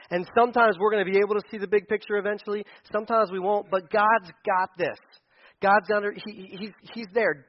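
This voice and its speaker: A male pastor preaching a sermon in a conversational way, with many restarts, his voice rising when he quotes. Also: sits high. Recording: dull radio broadcast audio.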